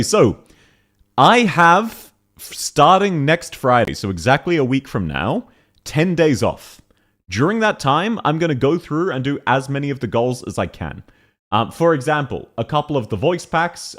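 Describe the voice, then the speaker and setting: A man casually chatting on a live stream, greeting viewers by name and laughing often, his voice still a little rough at the start. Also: mid-range voice.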